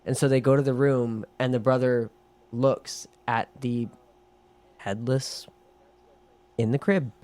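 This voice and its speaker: A man co-hosting a podcast tells a film's story in a loose, casual way. He keeps it animated, swearing often and acting out the lines of the characters as he goes. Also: mid-range voice, slow, long pauses. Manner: animated retelling with swearing and acted quotes. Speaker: podcast co-host. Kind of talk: casual chat recapping a film.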